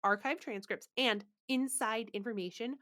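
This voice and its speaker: A woman's voice: fairly high pitch, moderate pace, bright, forceful tone. A woman co-hosting a theatre podcast, chatting breezily and narrating a story. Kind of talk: casual chat and story narration.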